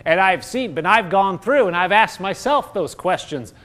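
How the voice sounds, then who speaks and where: A man's voice: high-pitched, expressive, normal speed, fairly bright tone. A middle-aged man preaching a sermon, emphatic and building into fervent quoted prayers.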